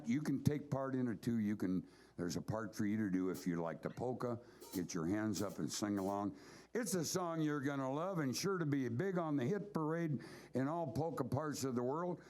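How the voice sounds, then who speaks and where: A man's voice: mid-range voice, animated, normal speed, a little mellow. A man leading a band, chatting to the audience between songs in a folksy, rambling way. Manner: folksy, rambling, says "by God". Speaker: bandleader and singer. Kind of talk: casual stage banter. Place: live show venue with audience. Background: guitar playing.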